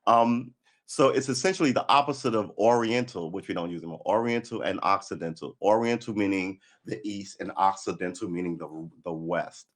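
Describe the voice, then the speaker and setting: A man chatting on a live stream, rambling and thinking aloud, gruff and blunt, swearing freely as he talks to himself. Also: low-pitched, fairly quick. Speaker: livestreamer practicing guitar.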